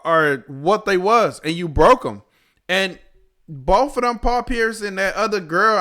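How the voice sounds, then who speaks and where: A man's voice: high voice, sharp tone. A man hosting a reaction video, talking bluntly and with exasperation, with frequent swearing. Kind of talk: casual reaction commentary.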